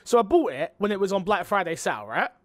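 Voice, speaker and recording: A man with a British accent, co-hosting a casual podcast chat and telling a story in an animated, ranting way. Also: sits high, fast talker, no room sound, clean studio sound. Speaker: podcast co-host.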